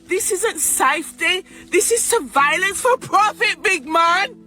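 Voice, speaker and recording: A woman rants at the camera, loud, sarcastic and itching for a fight. Her voice is very high and bright, almost piercing. Faint music plays behind her. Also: expressive, measured pace. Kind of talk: ranting social media vlog.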